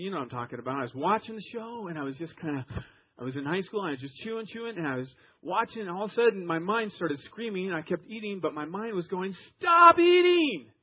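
Husky male pastor, a bit high-pitched, emphatic story-driven sermon, lo-fi radio sound. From Iowa. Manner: storytelling preacher, emphatic, swings loud and soft.

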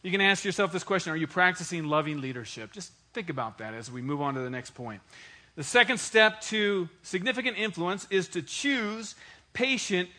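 A man's voice: high-pitched, pushed and bright. A man in his forties preaching a sermon, telling a joking personal story and talking straight to the congregation. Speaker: pastor.

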